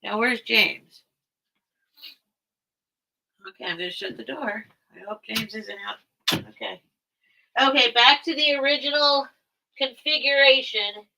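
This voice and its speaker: Bright-voiced woman chatting slowly on a live stream. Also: on the high side, vocal fry. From grew up by the beach. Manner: rambling, self-interrupting, chatty. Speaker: host of a live vintage sale stream. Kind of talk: casual live-stream chat.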